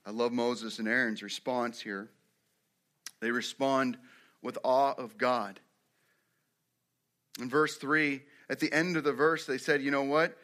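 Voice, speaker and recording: A man preaching a sermon, who moves from quiet storytelling to loud, emphatic preaching and asks his congregation questions. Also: medium pitch, steady tone, slow, long pauses. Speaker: pastor.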